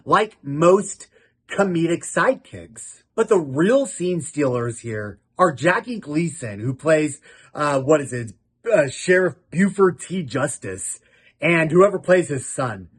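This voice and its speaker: A man hosts a casual film review, talking in a giggly, self-mocking way. His voice is husky and breathy, and his pitch swings widely as he laughs at his own jokes. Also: animated, takes it slowly. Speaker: host of a film review show.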